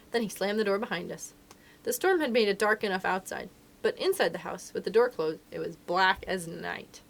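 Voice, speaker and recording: Animated woman reading a children's book. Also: mid-range voice. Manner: expressive, animated storytelling. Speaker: library storytime reader. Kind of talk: reading a children's novel aloud.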